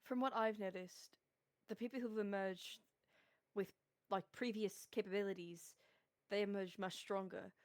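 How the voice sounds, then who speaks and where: A woman playing a tabletop game, animated, asking quick questions and planning aloud. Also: mid-range voice, no room sound, clean studio sound. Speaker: player. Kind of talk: casual tabletop role-play.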